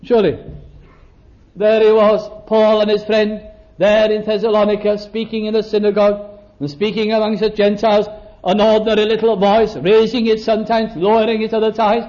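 An older man preaching a sermon, slowing down to stress key words and acting out small exchanges. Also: sits high, completely flat delivery, darkish tone. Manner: slows down for emphasis, acts out little dialogues. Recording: dull lo-fi recording.

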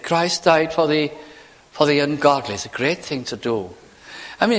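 A man preaching a chapel sermon, asking repeated rhetorical questions and moving between loud and hushed delivery. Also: on the high side. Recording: long reverb of a large hall.

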